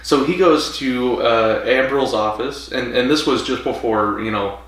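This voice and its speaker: A man co-hosting a casual podcast chat, recapping an episode and acting out characters' lines in quick put-on voices. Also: mid-range voice, fairly bright tone. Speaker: podcast co-host. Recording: echoey room, far from mic, faint hiss.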